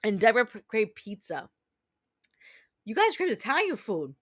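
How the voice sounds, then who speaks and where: A woman's voice: fairly high pitch, very animated, moderate pace, slight background noise. A woman in her thirties from New Jersey, a game streamer telling rambling stories in casual chat, close to her mic. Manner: rambling, chatty storytelling with many restarts. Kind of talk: casual chat while gaming.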